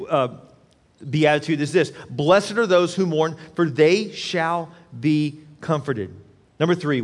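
A man preaches with a fairly high voice, earnest and repetitive, acting out little quotes as he makes his points. His voice rings out with a long hall reverb around it. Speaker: pastor. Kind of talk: sermon.

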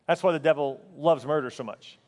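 A pastor preaching a sermon, his voice riding high for a man, earnest and emphatic. He drops at times to a hushed intensity. The sound rings with the long reverb of a big sanctuary. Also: brisk.

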